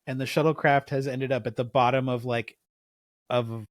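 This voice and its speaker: A man's voice: mid-range voice, fairly even intonation, moderate pace, no room sound, studio quality. A man co-hosting a podcast in casual chat, rambling with lots of fillers and laughing at his own jokes. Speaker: podcast co-host.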